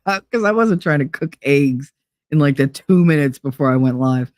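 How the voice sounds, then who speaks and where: A woman's voice: sits low, normal speed, a little mellow, no echo, clean studio sound. A middle-aged woman hosting a casual live stream, talking candidly and profanely, laughing often and acting out voices of people she quotes. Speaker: livestream host.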